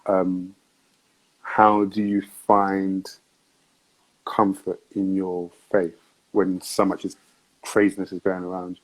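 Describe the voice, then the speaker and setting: A British man hosts an interview, his voice fairly low and slightly husky. He asks his questions slowly and gently, with many murmured yeahs. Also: flat delivery, low-quality recording. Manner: soft-spoken, many backchannels, unhurried questions. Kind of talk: interview conversation.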